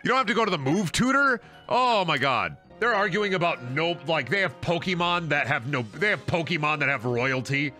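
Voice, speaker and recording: Lively joking young man streaming a game. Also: a little high, moderate pace, hardly any pauses. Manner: joking, rambling, swears freely. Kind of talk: casual game stream commentary. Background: faint game music.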